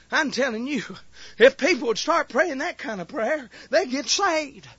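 High-voiced, fiery preacher man. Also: lively intonation, measured pace, no room sound, highs cut off. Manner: builds from low earnest talk to crying shouts, many fillers. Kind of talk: fiery revival sermon.

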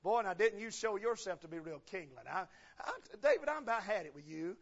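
Sneering queen of royal upbringing, mocking and hushed, as a man with a husky voice acts her out, dull lo-fi sound. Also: medium pitch, lively intonation, fairly quick, close to an everyday voice. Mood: scornful. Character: scornful proud queen scolding her husband. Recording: dull lo-fi recording.

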